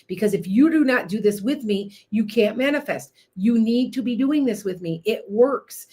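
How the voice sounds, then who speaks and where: An older woman hosting a live stream, chatting in a rambling, self-interrupting way. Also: medium pitch. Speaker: livestream host. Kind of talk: casual live-stream chat.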